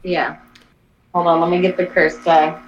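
Woman player, tabletop game, lower pitch, dull lo-fi sound. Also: level tone, normal speed. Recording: dull lo-fi, faint noise.

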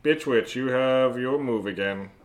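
Slow, halting man game master. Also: mid-range voice. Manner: halting, slow narration with many fillers. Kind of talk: narrating a tabletop game. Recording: roomy echo, faint noise.

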